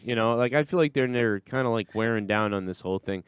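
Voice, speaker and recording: A man's voice: medium pitch, fast, clear, resonant tone, no echo, studio quality. A man hosting a podcast in casual chat, joking and incredulous, often laughing. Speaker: podcast host.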